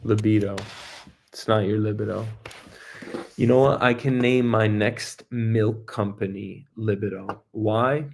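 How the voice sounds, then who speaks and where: A man in his thirties hosting his own show, talking in a rambling, jokey monologue with swearing and sudden loud bursts. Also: fairly low pitch, steady tone, measured pace, vocal fry, slight background noise. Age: 30s. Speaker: host. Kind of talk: casual solo monologue.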